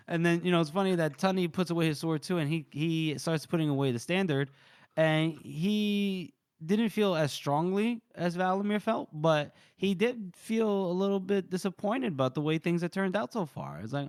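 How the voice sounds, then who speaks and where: A man's voice: a little high, measured pace, clear, resonant tone, no echo, studio quality. A man co-hosting a podcast, animatedly retelling a story, acting out the characters' lines and laughing often. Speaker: podcast co-host. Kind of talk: casual book discussion.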